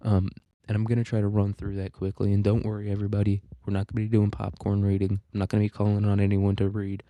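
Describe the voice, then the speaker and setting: A man's voice: fairly low pitch, monotone, quick pace, mellow, dry recording. A man hosting a casual literature lecture, rambling, crude and joking, with profanity. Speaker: podcast host teaching literature.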